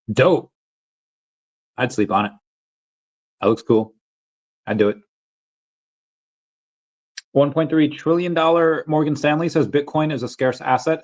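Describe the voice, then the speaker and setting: A man's voice: medium pitch, a little mellow. A man hosting a casual livestream, reading headlines aloud and greeting chat viewers, often restarting his words. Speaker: livestream host.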